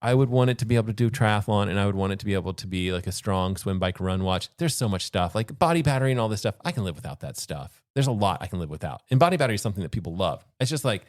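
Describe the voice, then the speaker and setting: A man's voice: lowish voice, animated, very fast, hardly any pauses, no room sound, clean studio sound. A man co-hosting a podcast, chatting casually about gear with a rambling, self-correcting manner. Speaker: podcast co-host and watch reviewer. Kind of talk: casual chat.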